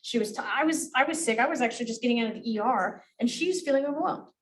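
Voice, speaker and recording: A woman with a slightly high voice runs a training class for agents. She talks bluntly, swears freely and acts out the lines she wants them to use. The mic picks her up from a distance. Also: fast talker, a little hiss or hum. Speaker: real estate negotiation trainer.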